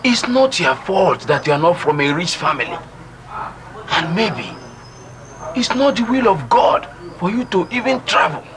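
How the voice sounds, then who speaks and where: A man's voice: high voice, very animated, measured pace, crowd noise, exaggerated voice. An actor playing a man who bluntly consoles a friend in a film drama. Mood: consoling. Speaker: film character. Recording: film audio with clear background noise.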